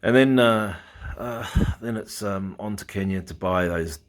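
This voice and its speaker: A man's voice: fairly low pitch, measured pace, noisy background. A middle-aged Australian man talking casually in a rambling travel diary, chatty and blunt, with the odd swear. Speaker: travel vlogger.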